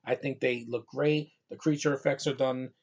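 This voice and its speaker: A man's voice: medium pitch, fairly even intonation, normal speed, a little mellow, husky, highs cut off. A man from New York giving a casual, rambling movie review, full of fillers and restarts.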